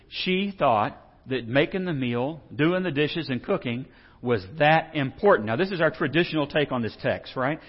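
A man's voice: a little high, lively intonation, moderate pace. Male Bible teacher, jokey and folksy, dull lo-fi pickup with long reverb. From Texas. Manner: folksy, joking, asks the audience questions. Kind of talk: animated Bible lesson. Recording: dull reverberant hall sound.

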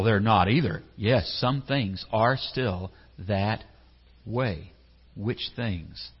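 A man's voice: lowish voice, breathy edge. A man preaching a sermon in a conversational way, putting questions to his listeners and acting out short quotes. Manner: conversational, asks the congregation questions, acts out quotes. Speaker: pastor. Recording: echoey hall, slightly dull sound.

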